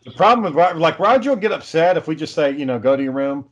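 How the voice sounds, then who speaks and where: A man's voice: on the high side, expressive, fast talker, muffled recording. A man who is a father, chatting casually and telling stories in a blunt, profane way. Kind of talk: casual chat.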